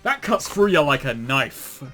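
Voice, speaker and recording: A man's voice: fairly high pitch, very animated, measured pace, sharp tone, faint music behind. A man co-hosting a casual commentary show, reading aloud and mocking it with sardonic asides, frequent swearing and laughter. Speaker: commentary co-host.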